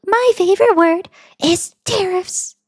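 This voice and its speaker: A woman doing a high-pitched impression of a male politician, copying his bragging cadence. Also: measured pace, no echo, clean studio sound. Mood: mocking.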